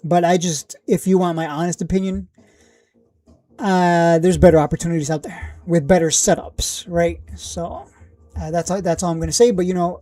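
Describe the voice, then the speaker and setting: A man's voice: a little high, warm tone, dry recording. Blunt joking man on a stock livestream. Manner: blunt, joking, laughs often, trails off and restarts. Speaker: stock market livestream host. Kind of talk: casual livestream chat answering viewers.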